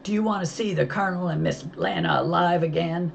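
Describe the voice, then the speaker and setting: A woman's voice: lowish voice, brisk, vocal fry, slight background noise, pitched above the performer's own voice. A woman voicing a cold, mean male kidnapper who talks curt and menacing over a phone.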